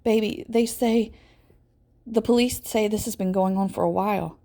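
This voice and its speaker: A woman's voice: mid-range voice, fairly even intonation, moderate pace, dark tone, voice pushed up, close to an everyday voice. A woman reading aloud and voicing a distraught mother who pleads with her injured teenage son. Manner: pleading, rising to near-wails.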